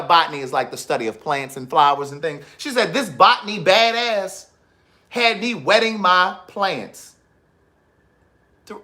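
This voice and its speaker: A man's voice: high voice, pushed and bright. A man hosting a casual comedic vlog, reading reviews aloud with sassy asides and frequent laughter.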